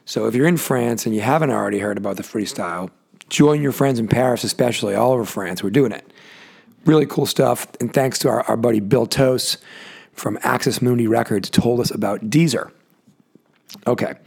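Solo podcast host, male, gravelly and husky, worn-out voice, rambling and chatty. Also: medium pitch, moderate pace, darkish tone. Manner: rambling, self-interrupting, joking asides. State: tired, voice worn out. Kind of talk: casual solo podcast monologue. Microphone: adjusting a desk mic himself.

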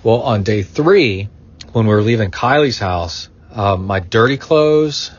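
Rambling middle-aged man, husky and low. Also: animated, measured pace, lo-fi sound. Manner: rambling, going off on tangents. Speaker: podcast host. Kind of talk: casual podcast chat.

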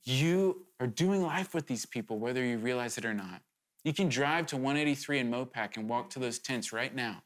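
A man's voice: mid-range voice, moderate pace. A man preaching a sermon to his congregation, earnest and urgent, talking conversationally with candid asides and sudden emphatic rises.

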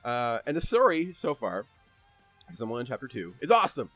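A man hosting a casual podcast, recounting stories in an animated, rambling way and breaking into laughter as he talks. His voice sits at a medium pitch, with faint music playing underneath. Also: a little fast, dry recording. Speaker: podcast host. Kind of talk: casual chat.

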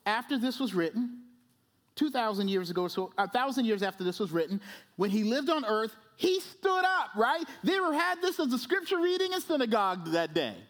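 A man's voice: extremely high pitch, very animated, brisk, a bit bright. A man pastor preaching a sermon in a church service, emphatic and conversational, who repeats phrases and keeps asking "right?".

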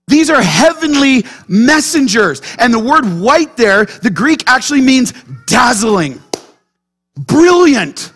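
A male pastor delivering a sermon with a notably high voice for a man. He talks animatedly and keeps drawing the congregation in with quick questions. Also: fairly bright tone.

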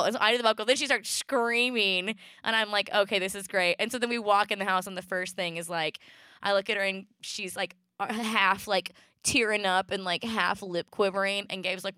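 A woman in her thirties telling a story on a casual podcast chat, animated and laughing often as she acts out voices. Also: mid-range voice, fairly quick, no echo, studio quality. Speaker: podcast co-host; mother.

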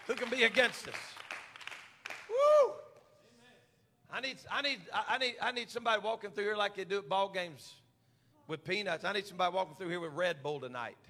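Man, pastor, high bright voice, fiery sermon with repeats, reverb of a church hall. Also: fast, some chatter behind. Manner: preaching with rising shouts and repeated words.

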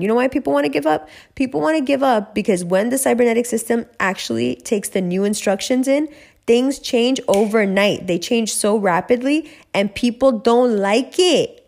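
A woman hosting a podcast, giving a blunt, profane motivational rant with emphatic, rising delivery. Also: a little high. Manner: blunt, emphatic, heavy swearing, rising to shouts. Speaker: podcast host.

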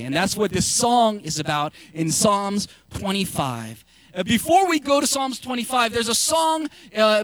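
A man preaching a sermon, passionate and emphatic, at times breaking into shouts. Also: high voice, dry recording. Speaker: pastor.

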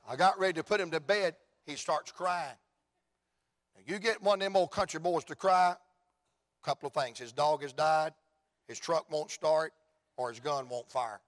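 A man with a Southern US accent preaching an evangelistic sermon, telling folksy stories and building to shouted climaxes. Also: on the high side, normal speed. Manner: folksy storytelling, rising to shouts.

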